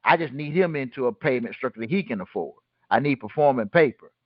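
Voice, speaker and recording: A man's voice: mid-range voice, animated, fast, no echo. Guy teaching on a call, blunt and slangy, dry, dull lo-fi sound. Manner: asks the listeners rhetorical questions and fills in the answers; blunt and colloquial. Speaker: host teaching a group call. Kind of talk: casual teaching talk.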